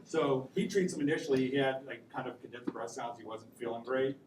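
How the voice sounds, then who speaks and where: A man's voice: mid-range voice, steady tone, brisk. A man giving a casual classroom lecture, often checking in with "right?" as he tells stories. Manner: casual, conversational, peppered with "right?". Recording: echoey room mic from far off, noisy.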